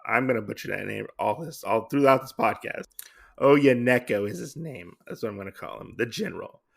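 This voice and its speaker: Gravelly man rambling through a comic recap. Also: medium pitch, expressive. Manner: rambling, halting, many fillers and self-corrections. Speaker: podcast host. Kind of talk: casual comic book recap.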